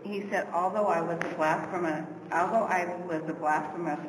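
A woman with a fairly low voice tells a personal faith story in a heartfelt, earnest way. She sounds roomy and distant, as if in a hall with a long reverb. Steady background noise runs under her voice. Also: normal speed. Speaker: class member sharing testimony. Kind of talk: personal faith testimony in a Bible class.

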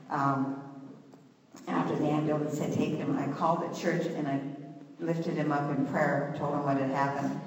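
A woman with a very low voice gives an earnest church testimony, telling it step by step. She's far from the microphone in a very echoey hall with long reverb and a faint hum of noise behind her. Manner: storytelling, earnest, acts out the voices in her story. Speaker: church member giving testimony. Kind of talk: personal testimony.

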